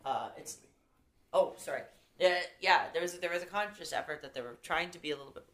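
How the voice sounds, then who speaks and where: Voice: medium pitch, a little fast, fairly bright tone. A person in a casual game chat, speaking earnestly and restarting sentences. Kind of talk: casual group chat about video games.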